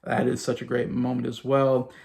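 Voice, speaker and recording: A man in his thirties talks casually to his viewers, full of enthusiasm and loose fillers. His mid-pitched voice has a gravelly, fry-heavy texture. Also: completely flat delivery, normal speed, darkish tone. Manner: enthusiastic, rambling with many fillers. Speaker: YouTube host ranking movies. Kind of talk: casual chat.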